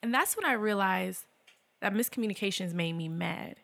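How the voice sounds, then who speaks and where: A woman's voice: mid-range voice, lively intonation, moderate pace, creaky, a bit bright, no room sound. A young woman co-hosting a podcast in a casual, playful chat, laughing often and speaking close to the mic. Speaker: podcast co-host.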